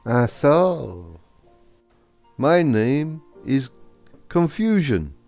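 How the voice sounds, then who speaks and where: A man's voice: mid-range voice, big pitch swings, extremely slow, creaky, a little mellow, soft background music, voice pushed up, heavily acted. A man voicing a playful older man who insists on a mixed-up name. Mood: joking. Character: jokey older man who mixes up names.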